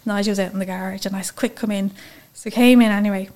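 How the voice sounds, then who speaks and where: A woman with an Irish accent, a guest telling a personal story in a lively, chatty way. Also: mid-range voice, rapid-fire. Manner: chatty, lively, acts out quoted speech. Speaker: interview guest.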